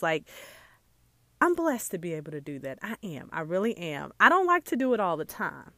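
A woman's voice: fairly low pitch, very animated, moderate pace, bright, forceful tone, no echo. A woman hosting a casual solo podcast, a jewelry maker talking earnestly and chatting straight to her listeners with lots of asides. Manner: earnest and heartfelt.

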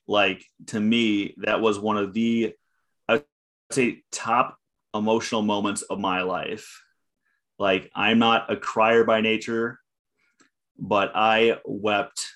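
A man co-hosting a podcast in casual chat, deadpan and teasing dryly. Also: lowish voice. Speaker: podcast co-host.

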